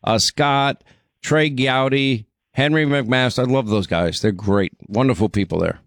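A man hosting a call-in radio show, talking fast with stammering restarts and a slight New York accent. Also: mid-range voice, no room sound, studio quality. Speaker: radio talk show host.

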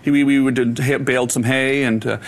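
A man's voice: medium pitch, steady tone, brisk. A man chatting as a talk show guest, rambling with lots of fillers. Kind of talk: casual chat.

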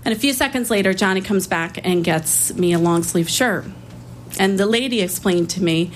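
A woman public defender telling a personal story in a conversational way, with small restarts and pauses. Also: mid-range voice, slight background noise.

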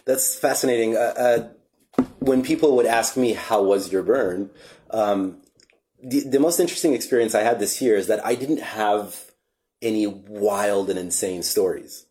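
A man hosting a podcast, talking in a relaxed, reflective way and swearing casually. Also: on the low side, moderate pace. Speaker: podcast host.

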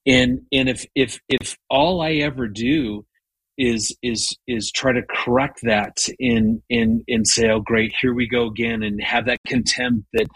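A man in his fifties speaks earnestly as an interview guest, his voice slightly husky. He stumbles and restarts his sentences as he tells a personal story. His pitch sits in a middle range, and the recording is dry, with no room sound. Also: steady tone, unhurried, a bit bright, dry recording, low-quality recording. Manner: earnest, frequent stammered restarts. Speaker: guest, marriage author. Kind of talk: conversational storytelling.

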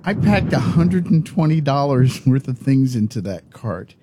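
A man's voice: medium pitch, very animated, normal speed, background noise. A man co-hosting a podcast in casual chat, conversational, sometimes reading facts aloud. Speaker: podcast co-host.

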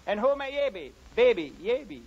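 A man's voice: very high-pitched, sing-song, moderate pace. An actor playing a jovial Irish policeman turned Irish setter dog, with a thick put-on Irish brogue, in a 1940s radio comedy. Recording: dull lo-fi old radio recording with faint hiss.

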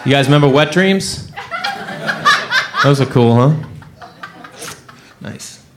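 A man's voice: mid-range voice, takes it slowly, heavy background noise. A man doing stand-up comedy, telling a story and acting out the voices of the people in it. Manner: animated, acts out characters' voices.

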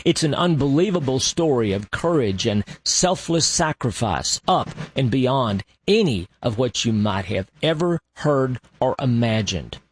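A man hosting a radio show, narrating in a slow, deliberate way with long dramatic pauses. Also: mid-range voice, lively intonation, breathy edge.

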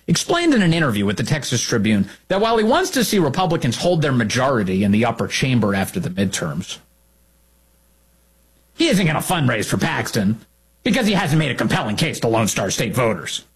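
A man's voice: mid-range voice, big pitch swings, a little fast, slightly rough. A man hosting opinionated political commentary, sarcastic, indignant and emphatic in his delivery.

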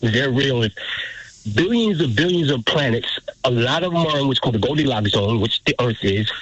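A man's voice: medium pitch, animated, fairly quick, a bit bright, no room sound. Man, 50s, radio caller, earnest, emotional, muffled dry phone line. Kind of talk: call-in story.

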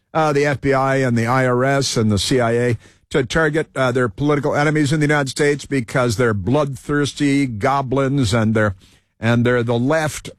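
A man's voice: medium pitch, dry recording, clean studio sound. A man hosting a talk show, rambling through an opinion monologue with many fillers and restarts. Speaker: radio talk show host.

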